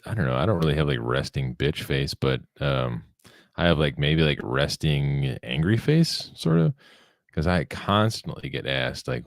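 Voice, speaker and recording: A man in casual podcast chat, talking in a deadpan monotone. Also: very deep voice, moderate pace, no echo, studio quality. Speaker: podcast co-host.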